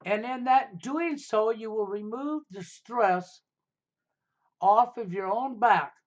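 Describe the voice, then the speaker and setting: A middle-aged man hosts a live stream in a high-pitched voice. He talks in an emphatic, preachy way and keeps tagging his points with "okay?". The sound is dull and lo-fi. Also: takes it slowly. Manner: emphatic, repeats "okay?" to drive points home. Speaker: livestream host. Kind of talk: casual advice talk on a live stream.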